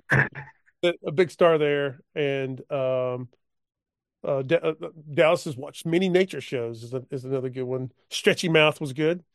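A man in a casual chat about a game session, talking haltingly with many fillers. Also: medium pitch, no echo, clean studio sound. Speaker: player.

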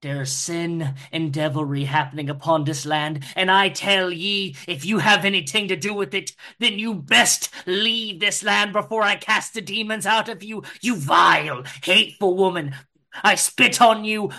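A man's voice: high-pitched, steady tone, unhurried, pushed and bright, heavily acted. A man voicing a zealous preacher who condemns a woman with archaic, fire-and-brimstone preaching. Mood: thundering, condemning.

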